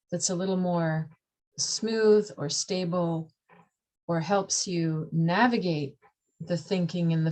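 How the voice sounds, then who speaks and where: A woman's voice: fairly low pitch, darkish tone. A woman explaining astrology in a casual talk, acting out the voices of the signs and laughing at herself.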